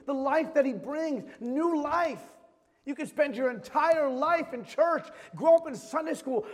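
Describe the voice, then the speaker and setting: High-voiced impassioned male preacher. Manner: impassioned, swings between loud and hushed, repeats phrases. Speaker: pastor. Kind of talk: sermon. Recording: long hall reverb.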